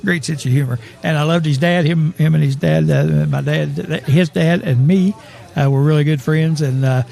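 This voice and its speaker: A man's voice: a little high, steady tone, moderate pace, creaky, warm tone. A man hosting a casual sports talk show, rambling and chuckling as he tells stories. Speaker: host.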